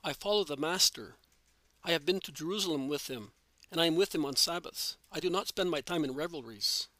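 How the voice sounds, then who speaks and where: A man's voice: on the high side, fairly quick, bright, forceful tone, dry recording. A man doing a fiery, blunt fisherman apostle. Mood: earnest. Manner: blunt and impulsive.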